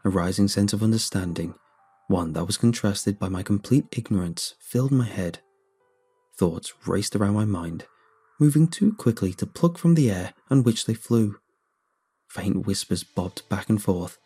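A man reading a first-person horror story aloud in a steady, measured way. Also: fairly low pitch, breathy edge. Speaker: narrator. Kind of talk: scripted horror story narration.

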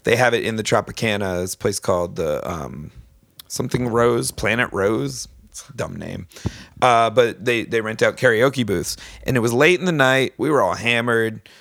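A man's voice: lowish voice, lively intonation, normal speed, gravelly, a bit bright, no room sound. A man guest on a podcast, telling a story in casual chat with lots of fillers and restarts. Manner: rambling storyteller, many fillers.

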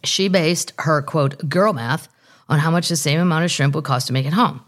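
A woman's voice: low voice, normal speed. A woman hosting a podcast, chatting casually and reading news aloud with jokey asides. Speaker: podcast host. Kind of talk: casual comedic chat.

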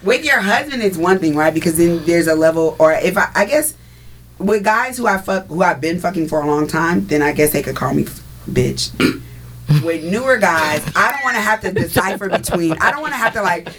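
A woman's voice: lowish voice, expressive, fairly quick, a bit bright, slight background noise. A young woman in a casual group chat, talking with many restarts and frequent laughter. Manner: hesitant, restarts, laughs often. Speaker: panel guest.

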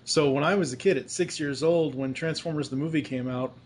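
A man in his thirties hosts a casual interview chat, talking eagerly and a bit loosely. His voice sits a little higher than most men's, with faint noise in the background. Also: fairly quick. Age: 30s.

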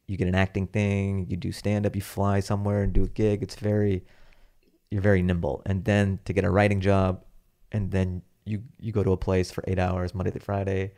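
A man's voice: deep voice, monotone, brisk, warm tone. A man from Seattle, a stand-up comedian, chatting loosely and rambling through stories as a podcast guest. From Seattle, USA. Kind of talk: casual chat.

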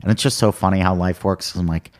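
A middle-aged male comedian telling animated stories in casual chat, acting out what people said. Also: low voice, fast talker. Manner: animated anecdotes with quoted voices. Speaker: comedian guest.

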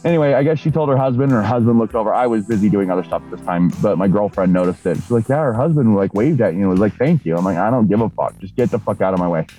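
A man casually telling a profane story on a podcast in a deadpan way. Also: lowish voice, rapid-fire, few pauses, faint music behind, low-quality recording. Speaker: podcast co-host.

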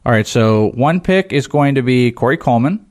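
A man's voice: mid-range voice, animated, normal speed, darkish tone. A man in casual, joking chat during a fantasy football draft, often slipping into goofy voices.

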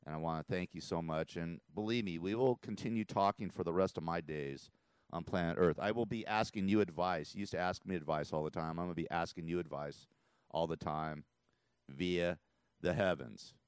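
Deep-voiced rambling radio host, man. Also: moderate pace, clear, resonant tone, no room sound. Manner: rambling, emotional, laughs often. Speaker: radio talk show host. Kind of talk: casual talk radio monologue. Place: radio studio. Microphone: studio mic.

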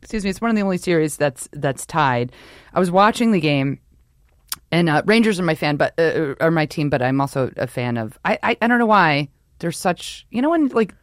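A woman from New York co-hosting a podcast, chatting about sports in an excitable, rambling way that keeps breaking off mid-thought. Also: deep voice, a little fast, dry recording, studio quality. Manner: rambling, excitable, self-interrupting. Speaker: podcast co-host. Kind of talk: casual sports chat.

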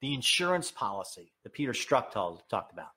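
Husky, heated man ranting about politics. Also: sing-song, moderate pace, bright, forceful tone. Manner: heated, sarcastic, swings into high emphatic outbursts. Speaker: political commentator. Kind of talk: opinionated political rant.

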